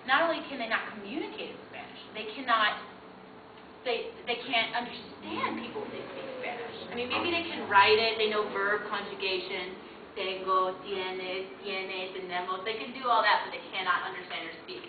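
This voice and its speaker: A young woman from the rural United States giving an informal guest talk, telling stories in a chatty, animated way. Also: mid-range voice, normal speed. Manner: chatty, animated storytelling with laughs. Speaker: guest speaker. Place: lecture room. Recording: tinny distant recording with echo and noise.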